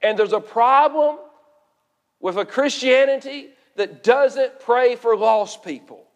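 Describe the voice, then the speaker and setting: A man delivers an earnest sermon in a high, bright-pitched voice, stretching out the words he wants to stress. He often repeats words as he builds each point. The sound rings with a long reverb, as in a large hall. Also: slow pace. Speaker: pastor.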